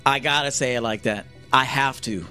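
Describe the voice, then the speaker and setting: A male dating coach lectures men on a livestream, bluntly and with plenty of profanity. His voice sits at a middle pitch, with faint music playing under it. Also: moderate pace, pushed and bright.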